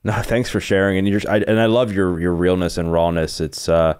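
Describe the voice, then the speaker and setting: A man's voice: low voice, little pitch movement, a little fast, darkish tone, smooth. A man hosting a podcast, asking earnest, probing questions. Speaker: podcast host. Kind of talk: interview questions.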